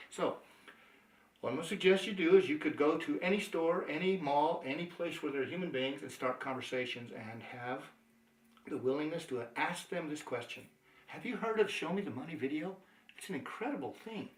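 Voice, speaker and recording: A man's voice: a little high, brisk, roomy sound, far from the mic, low-quality recording. A man giving a sales training talk, telling stories, acting out the dialogue and chuckling often. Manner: chuckling, anecdotal, animated.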